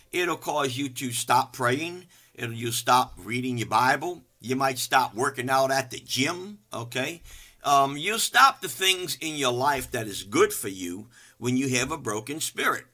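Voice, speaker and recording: Animated folksy preacher, older man. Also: mid-range voice. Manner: animated, folksy, self-mocking, swings from loud to hushed. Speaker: pastor. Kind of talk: energetic folksy sermon.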